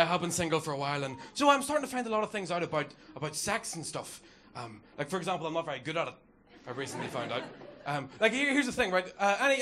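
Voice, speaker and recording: A man's voice: fairly high pitch, sharp tone. A young man doing rowdy, profane stand-up in front of a live club audience, jumping into little character voices. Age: young adult. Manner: rowdy, profane, acts out characters in quick bursts. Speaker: stand-up comedian. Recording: live club recording with crowd noise. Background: audience laughing and cheering.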